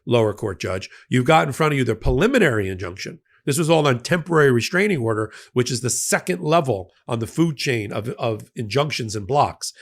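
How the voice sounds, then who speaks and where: A middle-aged man giving a legal analysis commentary, unpacking a court ruling step by step with frequent fillers and restarts. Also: mid-range voice.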